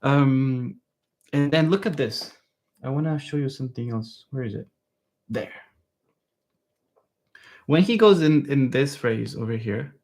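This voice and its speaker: A man giving a live online saxophone lesson, relaxed and chatty, often checking in with his viewers and singing phrases to show them. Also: mid-range voice, unhurried, long pauses, slight background noise. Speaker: saxophone teacher.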